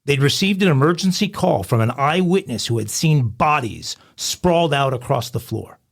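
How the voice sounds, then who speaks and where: A man's voice: mid-range voice, expressive, normal speed, creaky. Man reading news with mock drama. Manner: mock-dramatic storytelling delivery. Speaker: podcast co-host. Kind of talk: reading a humorous news story.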